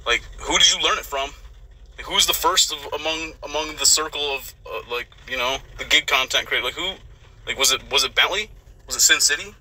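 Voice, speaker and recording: A man's voice: fairly high pitch, brisk, sharp tone, a little hiss or hum, low-quality recording. A man in a played clip speaking in a scornful, drawling way, filling his speech with "like". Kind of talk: mocking complaint in a clip.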